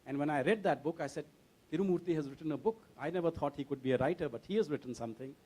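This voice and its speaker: A man tells anecdotes on a book fair panel. His humor is dry and deadpan. His voice sits a little high for a man. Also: rapid-fire. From India. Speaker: panelist, diplomat and author.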